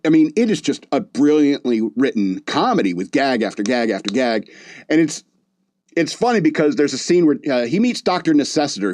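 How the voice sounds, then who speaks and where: A man's voice: mid-range voice, darkish tone, no echo. Rambling male podcast host, dry sound. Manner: rambling, loose delivery with many fillers and restarts. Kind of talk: casual movie review chat.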